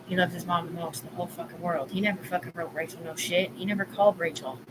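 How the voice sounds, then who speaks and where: A woman's voice: on the low side, fairly even intonation, quick pace. A woman in her forties ranting on a live stream, rambling, agitated and profane. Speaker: livestream host. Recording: clear background ambience noise.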